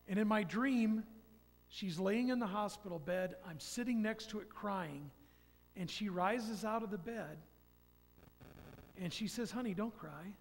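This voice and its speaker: A man speaks in a fairly high, gravelly voice as he shares an earnest personal testimony. His storytelling carries a long reverb from a church sanctuary. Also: slight background noise.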